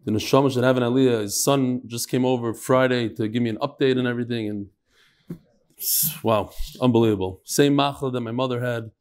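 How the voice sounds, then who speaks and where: A man's voice: mid-range voice, steady tone, a little fast, a little mellow. A man teaching a live class, reading out listener messages and adding casual asides, full of Yiddish and Hebrew terms.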